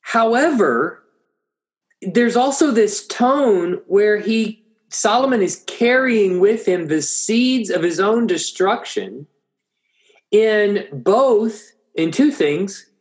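A man preaching an expository Bible lesson, thinking aloud with frequent restarts. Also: high-pitched.

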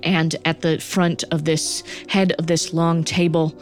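A young woman narrating a tabletop game as game master, relaxed and hesitant. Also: sits low, unhurried, soft background music. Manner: relaxed, hesitant, many fillers.

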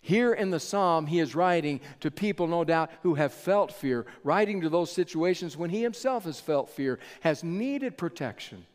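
A man preaching a sermon in a church, slow and deliberate with dramatic pauses. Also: fairly high pitch, expressive. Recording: long reverb of a large hall.

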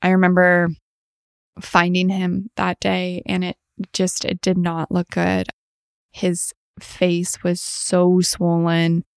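Woman, podcast host, emotional storytelling, gravelly, dry close recording. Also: lowish voice, completely flat delivery, slow, no room sound. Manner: tender, emotional, reflective. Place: farm.

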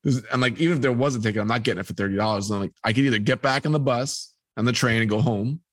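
A man's voice: mid-range voice, rapid-fire, a bit bright, dry recording. A man, a guest telling a long personal story and acting out the people in it. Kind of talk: storytelling in a podcast conversation.

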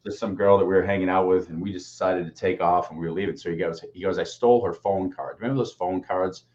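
Low-voiced man telling a wild story. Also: fast. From Boston area. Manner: animated, swearing, acts out quotes. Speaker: co-host. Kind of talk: casual storytelling. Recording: dull lo-fi audio.

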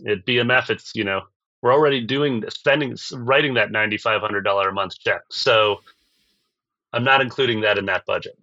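Podcast guy walking through numbers, casual, bright tone but kinda muffled lo-fi sound. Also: fairly low pitch, fairly quick, dry recording. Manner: practical and explanatory, drops in "um" and "dig it". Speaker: podcast co-host. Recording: slightly dull lo-fi audio.

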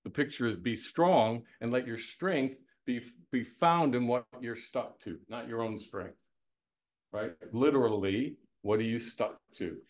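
With a mid-range voice and a slightly slow pace, a man walks a live group through the Bible like he's chatting with them. He stays lively and folksy, asking lots of rhetorical questions and cracking homespun jokes.

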